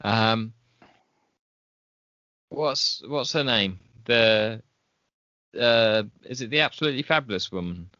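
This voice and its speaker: Laid-back podcast host, bright voice. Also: male voice, mid-range voice, slow, pauses often, dry recording. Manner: laid-back, hesitant, lots of ums. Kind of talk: casual comedy banter. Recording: dull muffled sound.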